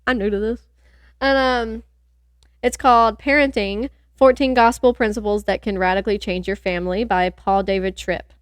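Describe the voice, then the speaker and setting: A woman's voice: mid-range voice, fairly even intonation, moderate pace, pauses often, no room sound, clean studio sound. A young woman co-hosting a podcast, chatting casually and rambling, laughing often. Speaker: podcast co-host. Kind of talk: casual chat.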